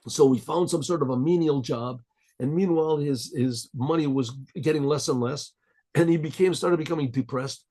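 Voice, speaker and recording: Male rabbi storyteller, somewhat high, husky voice, loose and chatty delivery. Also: normal speed, warm tone. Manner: rambling, chatty, with chuckles.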